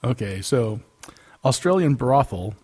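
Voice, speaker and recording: A middle-aged man with a husky voice co-hosts a casual podcast, tossing in quick wisecracks. His pitch moves around a lot as he talks. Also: lively intonation, a little mellow. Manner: wisecracking, quick asides and jokes. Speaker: podcast co-host. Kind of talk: casual chat.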